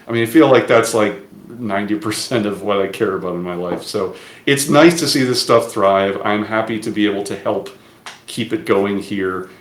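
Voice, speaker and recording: A man being interviewed as an event organizer who often restarts his sentences and laughs easily, in casual chat over a video call. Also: fairly low pitch. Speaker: demoparty organizer, interview guest. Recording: echoey room.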